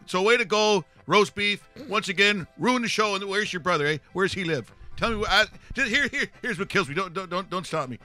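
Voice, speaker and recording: A man's voice: high voice, animated, brisk, few pauses, sharp tone, faint music behind, pitched above the performer's own voice, full character voice. A man putting on a brash, ranting older hockey pundit who tags his lines with "eh" and won't be interrupted.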